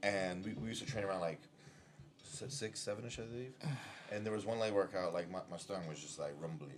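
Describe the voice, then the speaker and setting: A man on a casual podcast, telling a crude gym story in a relaxed way. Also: sits low, quick pace. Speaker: podcast co-host. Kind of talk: casual chat.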